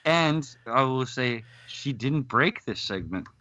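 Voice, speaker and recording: A man from Canada co-hosting a casual podcast, joking and bantering with quick laughs. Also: medium pitch, expressive, sharp tone, no echo, muffled recording. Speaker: podcast co-host.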